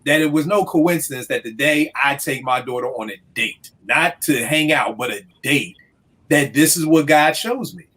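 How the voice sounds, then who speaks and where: A man in casual podcast talk, telling stories in a lively way and acting out the people he quotes. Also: fairly high pitch, normal speed. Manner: animated storyteller, acts out quotes.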